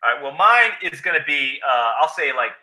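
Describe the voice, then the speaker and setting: Bright-voiced man musing loosely. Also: fairly high pitch, very animated, brisk, low-quality recording. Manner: loose, filler-heavy musing. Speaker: co-host of a board game live stream. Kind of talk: casual group chat.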